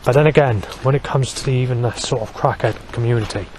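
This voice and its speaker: A man's voice: mid-range voice, quick pace, darkish tone. A man delivers a rambling vlog monologue in his ordinary mid-range voice. He swears constantly, trails off into fillers and restarts his sentences. Faint background noise sits under his speech.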